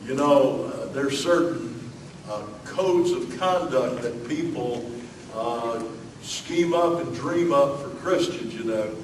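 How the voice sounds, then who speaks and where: A man's voice: mid-range voice, takes it slowly, roomy sound, distant mic, background noise. A man from Alabama with a Southern accent, preaching a sermon as pastor in a folksy way, with lots of fillers and asides.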